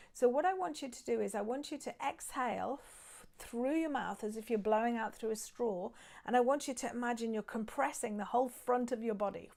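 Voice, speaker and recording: A woman leads an acupressure and breathing session, talking listeners through each step in a calm, steady way. Her voice sits a little high and carries a gravelly edge. She demonstrates on her own hands as she goes. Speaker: acupressure and qigong teacher. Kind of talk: guided acupressure and breathing instruction.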